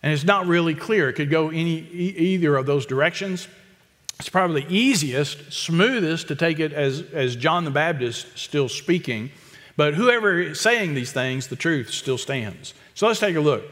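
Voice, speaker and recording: Guy preaching a sermon, repeats points for emphasis, voice a bit high, big reverby church. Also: animated, a bit bright. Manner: emphatic, repetitive preaching with quick asides. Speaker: pastor. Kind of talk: expository sermon.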